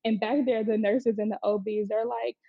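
A young woman with a fairly high voice tells a personal story in a chatty, frank way, slipping into quoted voices as she goes. The recording is a little dull and lo-fi, with a dry, close sound and almost no room. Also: level tone, normal speed, vocal fry, no room sound. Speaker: mother telling her birth story.

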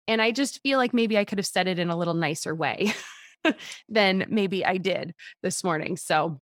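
A woman's voice: medium pitch, expressive, fairly quick, fairly bright tone, no echo, studio quality. A woman hosting a podcast in a chatty way, laughing often and filling with "like". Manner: chatty, laughing, uses many fillers. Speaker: podcast host. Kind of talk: casual podcast chat.

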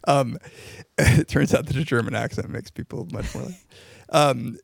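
A man with a gravelly, fry-edged voice works through a research question in casual podcast chat. He piles on "like"s and restarts as he explains, recorded close and dry. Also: mid-range voice, unhurried, dry recording. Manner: explains at length with frequent "like" and restarts. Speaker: podcast co-host, social psychology researcher.

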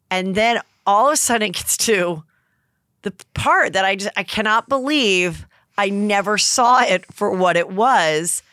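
A woman hosting a podcast, telling a story in a lively, casual way and acting out the lines of a movie's characters. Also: mid-range voice, smooth, no echo, studio quality. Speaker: podcast host. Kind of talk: casual chat.

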